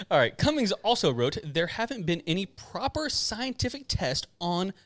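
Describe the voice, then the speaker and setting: Brief: male podcast co-host, animated pitch, dry close sound, joking, stumbles through read-out quotes. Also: no echo. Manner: joking, loose, reads quotes haltingly with fillers. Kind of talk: casual chat, reading articles aloud.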